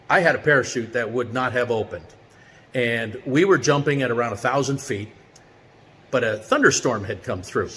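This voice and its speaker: A middle-aged man telling a personal story in a relaxed, chatty way as a vlogger with a weekly quote, with plenty of fillers as he talks. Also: medium pitch. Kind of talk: casual motivational storytelling. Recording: long reverb with faint background noise.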